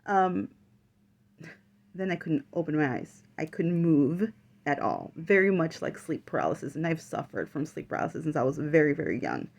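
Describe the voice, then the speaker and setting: A woman's voice: low-pitched, lively intonation, brisk, vocal fry, darkish tone. A woman vlogger telling a personal story in casual chat, full of fillers and the odd swear word.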